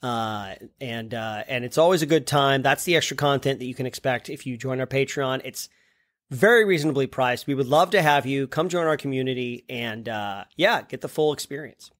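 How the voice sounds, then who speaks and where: A man's voice: medium pitch, normal speed, fairly bright tone, no room sound. A man co-hosting a casual podcast, talking enthusiastically and filling his speech with "like" and "totally". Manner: enthusiastic, heavy use of "like" and "totally". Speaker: podcast co-host.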